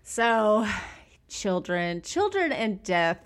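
A woman's voice: medium pitch, sing-song, very slow. A woman hosting a podcast, talking casually and laughing often as she tells stories. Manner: chatty, laughs often, acts out quoted people. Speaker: podcast host.

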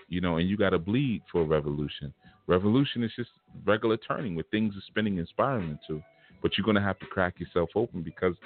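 Very low-voiced man teaching spirituality, casual and emphatic, over a tinny phone-like line. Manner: casual, emphatic, vernacular preaching. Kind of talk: spiritual lecture.

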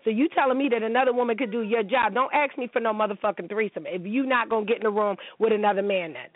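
A woman's voice: a little high, fast talker, dry recording. A woman in her forties hosting a show, ranting bluntly and cursing freely from home. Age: 40s. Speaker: show host. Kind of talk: casual monologue commentary. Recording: tinny phone-like line, dry.

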